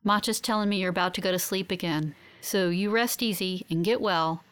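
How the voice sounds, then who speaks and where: A woman voicing a grieving older sister who speaks tearfully while trying to sound calm. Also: fairly low pitch, fairly quick, clear, resonant tone, close to an everyday voice. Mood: tearful, tender.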